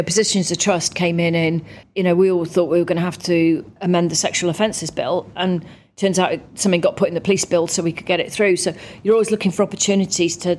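A woman from the UK, a guest in a conversational interview, chatty and lively when telling stories. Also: on the low side, slight background noise. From United Kingdom. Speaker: interview guest, parliamentarian and ex-athlete.

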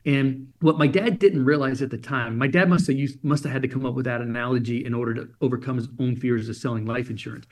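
Animated male storyteller acting out dialogue. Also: mid-range voice, quick pace, hardly any pauses. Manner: animated storyteller, acts out quoted dialogue with frequent "he goes". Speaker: interview guest, dream coach. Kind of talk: personal storytelling in an interview.

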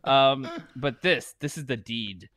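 A man's voice: mid-range voice, slow, a bit bright, no room sound, studio quality. A man co-hosting a podcast, chatting casually, rambling and swearing, often laughing. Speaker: podcast co-host.

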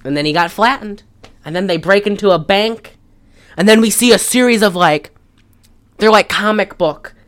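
A woman's voice: mid-range voice, normal speed. A woman hosting a podcast, recapping a film in casual chat and rambling with many fillers. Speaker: podcast host.

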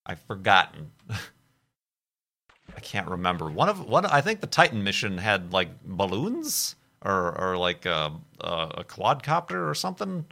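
Slow, bright-voiced man chatting. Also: low voice, very animated, creaky. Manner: rambling, playful, full of restarts and asides. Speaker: streamer answering viewer questions. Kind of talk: casual chat.

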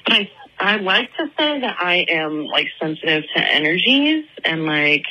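A woman's voice: fairly low pitch, very animated, normal speed, bright, forceful tone. Chatty young woman on a phone line. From Atlanta. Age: 20s. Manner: chatty, filler-heavy, lots of "like". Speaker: listener calling in with a voicemail. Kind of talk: casual phone voicemail storytelling.

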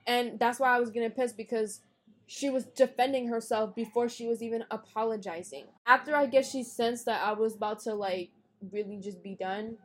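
Young woman w/ slightly high voice cussing her way thru a story, blunt and fired up. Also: moderate pace. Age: young adult. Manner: blunt, profane, animated retelling of a fight. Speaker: podcast guest. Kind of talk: casual storytelling.

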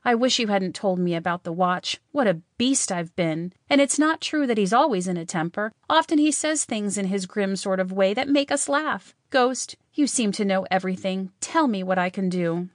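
A woman's voice: medium pitch, animated, normal speed, few pauses, dry recording, studio quality, close to an everyday voice. Woman reading an earnest young runaway. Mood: earnest, remorseful. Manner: earnest and emotional. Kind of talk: audiobook reading.

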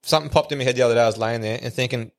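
A man's voice: mid-range voice, steady tone, rapid-fire. An Australian man telling crude jokes and stories on a podcast, swearing constantly in broad slang. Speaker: podcast guest. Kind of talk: casual joke telling and banter.

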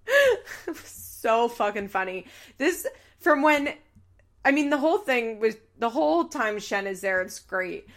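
Bright-voiced woman doing a chatty podcast recap, laughs a lot, swears, kinda high. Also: measured pace, long pauses. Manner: animated, laughing, swearing, acting out quotes. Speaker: podcast host recapping a reality show. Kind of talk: casual recap chat.

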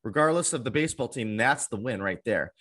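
Young adult man, mid-pitched, earnest storyteller, plays out dialogue in quotes, speech a touch slurred; guest in a sit-down chat. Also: lively intonation, brisk, a bit bright. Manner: earnest, acts out past conversations in quotes. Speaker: guest telling his life story. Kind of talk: personal storytelling in an interview.

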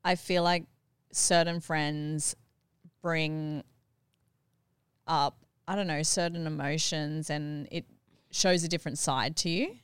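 A woman's voice: low-pitched, fairly even intonation, slow, pauses often, clean tone, no echo, studio quality. A woman in her thirties co-hosting a casual chat podcast, teasing and laughing often. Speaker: podcast co-host.

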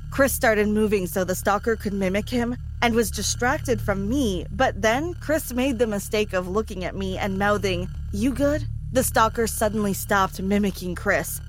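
A woman narrating a scripted first-person story in a calm, even way. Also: on the high side.

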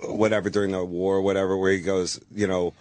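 A man's voice: low voice, level tone, a little fast, darkish tone, no echo. A man in casual podcast chat, talking earnestly and thoughtfully.

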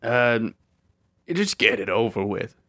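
A dim, blunt bounty hunter, played by a man in an improvised comedy sketch. He speaks in short, broken phrases with a bright, forward tone and gets flustered easily. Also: medium pitch, a little slow. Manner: broken simple phrasing, flat blunt delivery.

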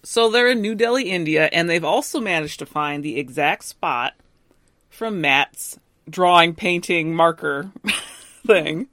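A woman's voice: lowish voice, animated, unhurried, a bit bright, no room sound, clean studio sound. A woman co-hosting a podcast, casually retelling a story with frequent laughs. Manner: chatty storytelling, laughs often. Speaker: podcast co-host. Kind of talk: casual chat.

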